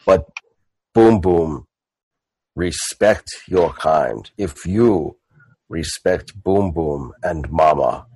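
A man voicing a slow, deep half-orc brute. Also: a little mellow, slightly rough, no room sound, heavily acted, rough recording. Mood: solemn. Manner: slow, speaks of himself in third person. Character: tall strange male half-orc, unblinking, childlike.

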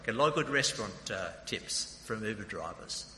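Sharp-voiced Australian man preaching in an echoey hall. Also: fairly low pitch, animated, a little fast. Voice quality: introverted by nature. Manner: conversational, anecdotal preaching. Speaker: preacher and theological college principal. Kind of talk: sermon. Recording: echoey hall with long reverb, faint noise.

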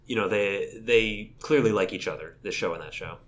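A man's voice: fairly low pitch, normal speed, fairly bright tone. A man hosting a podcast in casual chat, who chuckles often and acts out quotes. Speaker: podcast host.

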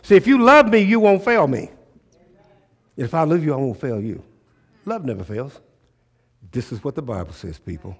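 A man preaching a sermon, calling out to the congregation and swinging between hushed asides and loud bursts. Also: mid-range voice, big pitch swings, normal speed, long pauses, slightly rough.

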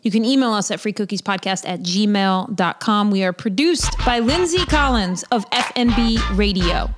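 A woman's voice: mid-range voice, moderate pace, over music. A woman co-hosting a podcast, teasing and upbeat, reading out the show's plugs. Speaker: podcast co-host. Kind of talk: casual podcast chat.

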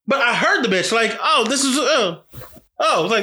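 Fired-up guy ranting in a casual chat, swears a lot, bright voice. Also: very high-pitched, normal speed. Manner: angry, profane storytelling; animated, voice jumps up for quoted outbursts.

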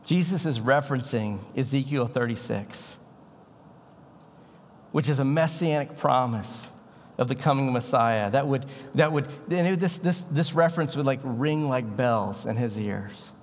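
A man's voice: mid-range voice, unhurried, in a large hall, a little hiss or hum. A man preaching a sermon as a pastor, in a casual, conversational way with bits of slang. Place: church sanctuary.

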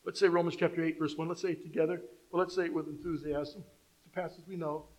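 A man preaching a sermon, reading scripture and calling on the congregation, moving between loud emphasis and soft, low delivery. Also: lively intonation, fast, rough recording. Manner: reads scripture aloud, calls on the congregation to respond. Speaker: pastor.

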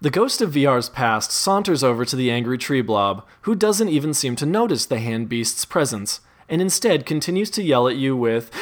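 A man's voice: medium pitch, normal speed, hardly any pauses. Wry man narrating a choose-your-path story. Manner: wry, deadpan, often laughing.

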